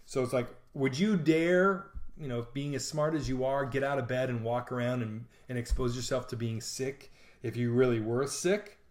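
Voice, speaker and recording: A man's voice: mid-range voice, fairly even intonation, normal speed. A man teaching a lesson on a play in a casual, jokey way. He reads lines from the play aloud and then retells them in slangy modern words. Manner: chatty and jokey. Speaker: literature teacher.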